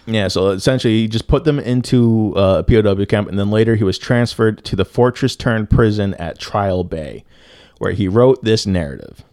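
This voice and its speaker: A young man with a fairly low voice co-hosts a casual podcast, rambling through a story with constant fillers and swearing. The sound is dry and close to the mic. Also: moderate pace, no echo. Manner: profane, rambling, lots of fillers, swings to loud disbelief. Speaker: podcast co-host.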